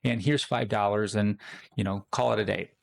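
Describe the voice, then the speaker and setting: A man voicing a soothing, indulgent mother in a spoken story, talking quickly and coddling. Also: fairly low pitch, fairly even intonation, gravelly.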